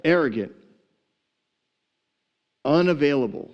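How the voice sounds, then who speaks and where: Humorous preacher telling a story. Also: male voice, on the high side, lively intonation, takes it slowly, lo-fi sound. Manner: humorous, laughs often, acts out the story. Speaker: pastor. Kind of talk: sermon storytelling.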